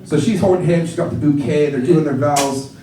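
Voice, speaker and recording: A man's voice: fairly high pitch, a little fast, a crowd in the background. A man tells a stand-up story in a loose, profane way, bursting into acted-out quotes. He is heard from a distance on a live stage, with a roomy echo. An audience laughs all around him. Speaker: stand-up comedian; wedding professional. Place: comedy theater stage.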